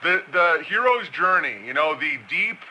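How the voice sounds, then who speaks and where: Bright-voiced man rambling conspiracy commentary. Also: a little high, expressive, normal speed, a little hiss or hum, poor audio. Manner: rambling, conspiratorial, with mocking impressions. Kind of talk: casual commentary monologue.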